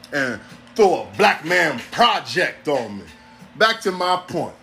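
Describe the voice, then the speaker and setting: A man delivers a comedic podcast monologue in a high, lively voice. He repeats himself and preaches his point, with soft music playing behind him. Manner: animated, repetitive, preachy riffing. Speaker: podcast host.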